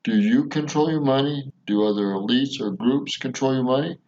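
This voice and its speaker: A man hosting his own channel, giving slow, measured commentary and repeating his key points. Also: medium pitch, darkish tone. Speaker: channel host commenting on a clip. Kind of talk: commentary voice-over. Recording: lo-fi dull sound.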